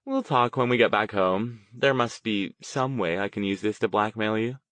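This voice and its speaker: A man's voice: lowish voice, normal speed, a bit bright, no room sound, natural voice. A man voicing a cheeky young woman apprentice in her twenties, playful and teasing. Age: 20s.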